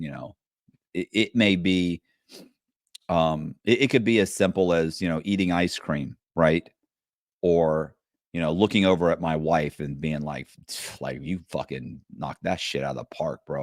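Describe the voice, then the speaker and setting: A deep-voiced man spinning loose, profane stories, breaking into loud, higher voices when he quotes other people. The sound is dry and close. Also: moderate pace, no echo. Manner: profane, animated, acts out the voices of other inmates when quoting them. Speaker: guest. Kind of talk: casual storytelling on a podcast.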